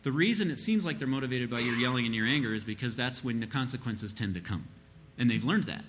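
Bright-voiced man teaching parents. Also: medium pitch, animated, quick pace, slight background noise. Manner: rambling, many fillers, acts out quoted parents and children. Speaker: church speaker answering a question. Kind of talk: informal sermon-style teaching.

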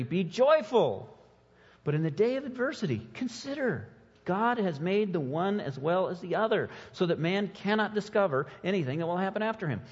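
Guy preaching a sermon, really lively ups and downs, kinda husky, dull lo-fi sound with a long church echo. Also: a little high. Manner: animated preaching with mocking put-on quotes. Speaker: pastor.

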